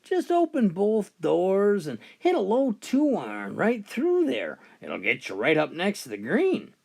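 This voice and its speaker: A man's voice: high voice, wildly swooping pitch, measured pace, gravelly, pitched above the performer's own voice, exaggerated voice. A man doing a pushy, advice-giving wife. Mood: insistent.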